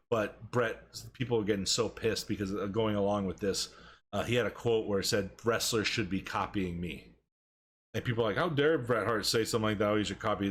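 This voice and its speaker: Guy on a podcast ranting, swears a lot, voice jumps way up when he quotes people, bit of hiss behind. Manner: animated, profane, acts out quotes with rising pitch. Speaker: podcast co-host. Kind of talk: casual chat.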